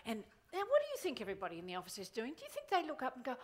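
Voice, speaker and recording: A middle-aged woman giving a live motivational keynote to a conference audience, animated and exclamatory. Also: fairly high pitch, rapid-fire, few pauses. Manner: animated, exclamatory, quotes others in funny voices. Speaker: motivational speaker. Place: conference hall before an audience.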